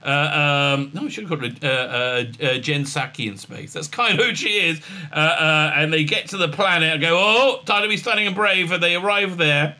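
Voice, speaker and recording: Sarcastic man with a very bright voice. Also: on the high side, expressive, normal speed. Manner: mocking, exasperated, many "uh, uh" fillers. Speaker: show host reviewing a TV episode. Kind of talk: sarcastic episode recap.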